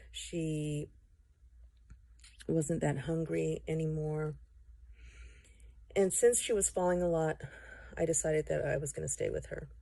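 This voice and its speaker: A middle-aged woman telling a personal testimony in a gentle storytelling manner, quoting conversations as she goes. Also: fairly low pitch, vocal fry, slightly rough, dry recording. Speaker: testimony speaker.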